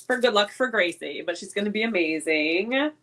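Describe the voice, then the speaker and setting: A woman co-hosting a podcast, chatting casually and warmly teasing her friend. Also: mid-range voice, expressive, normal speed, slight background noise. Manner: playful, teasing, encouraging. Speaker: podcast co-host. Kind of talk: casual chat.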